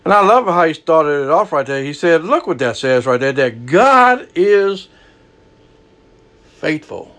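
A man preaching a sermon, folksy and lively, swinging from hushed lows to loud highs. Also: fairly quick, hardly any pauses.

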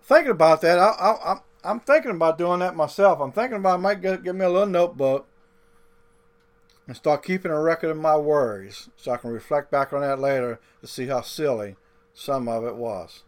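A male pastor delivering a sermon, drawing out key words and repeating points, with folksy grammar. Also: a little high. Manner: deliberate, drawn-out emphasis with folksy grammar.

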